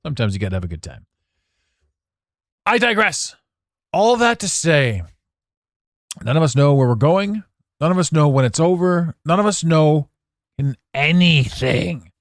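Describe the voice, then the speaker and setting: A man hosting a solo podcast monologue, animated and theatrical, swearing now and then. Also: a little high, unhurried, long pauses, no room sound, clean studio sound. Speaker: podcast host.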